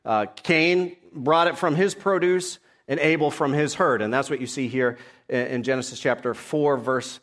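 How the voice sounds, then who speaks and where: A man's voice: mid-range voice, moderate pace, fairly bright tone. A man, a pastor, preaching a sermon, reading scripture passages aloud and explaining them verse by verse.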